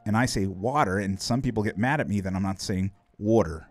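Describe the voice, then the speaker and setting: A man's voice: fairly low pitch, fast talker, faint music behind. An American man chatting casually on a live stream, laid-back and chuckling, rambling with restarts. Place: home setup near Philadelphia.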